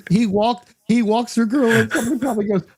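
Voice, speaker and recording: A podcast co-host recapping in blunt, lively casual chat. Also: medium pitch, racing.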